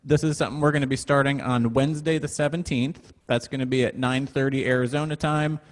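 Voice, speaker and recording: A man of middling pitch talks through a class's upcoming schedule in a chatty, upbeat way, stopping often on small fillers. His voice comes over a video call. The room around him rings with a long, echoing reverb. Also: steady tone, quick pace. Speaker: music center staff host. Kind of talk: casual class announcements.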